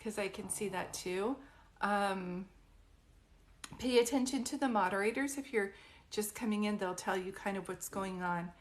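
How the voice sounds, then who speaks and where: A woman's voice: mid-range voice, moderate pace. A woman doing a psychic reading on a live stream, chatty and reassuring, with many fillers and restarts. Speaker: psychic medium.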